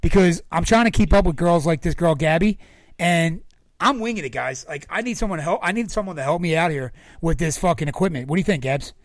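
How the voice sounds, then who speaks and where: A man's voice: fairly high pitch, fast talker, no room sound, studio quality. A man hosting a casual podcast, brash and profane, often talking straight to his listeners. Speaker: podcast host.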